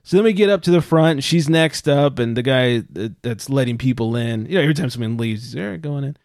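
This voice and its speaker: A man telling a story on a casual podcast, profane and animated, with loud outbursts when he quotes himself. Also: mid-range voice, fast talker, no room sound, studio quality. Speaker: podcast co-host. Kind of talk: casual chat.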